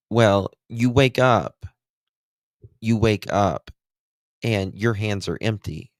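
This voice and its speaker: A man's voice: lowish voice, slow, long pauses, no echo, studio quality. A man with an Appalachian accent giving blunt, sarcastic true crime commentary while reacting to interview clips.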